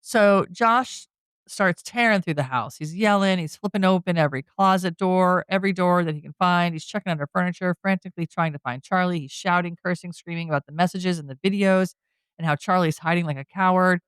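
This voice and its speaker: Speaking briskly, this woman has a fairly low, clear, resonant voice with no room sound. She hosts a podcast and retells a horror movie scene by scene in a casual, chatty recap, leaning on "you know" and "like" a lot.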